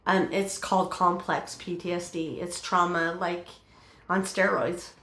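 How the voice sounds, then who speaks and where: A woman's voice: fairly low pitch, level tone, fairly bright tone. Earnest middle-aged woman in an echoey room. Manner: halting, with many fillers and restarts. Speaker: guest telling her testimony. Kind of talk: emotional personal testimony in a podcast interview.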